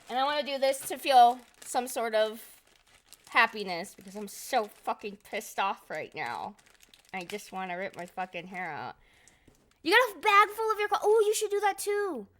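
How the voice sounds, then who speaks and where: A woman's voice: medium pitch, a bit bright, slight background noise. A woman game streamer chatting casually on a live stream, rambling and swearing as she vents her exasperation. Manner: profane, rambling, exasperated venting.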